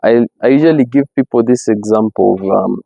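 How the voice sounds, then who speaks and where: A man's voice: lowish voice, brisk, vocal fry, dry recording. A young man, speaking as a podcast guest in casual interview talk and explaining his points with everyday examples. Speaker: podcast guest, company CEO. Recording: slightly muffled, dry.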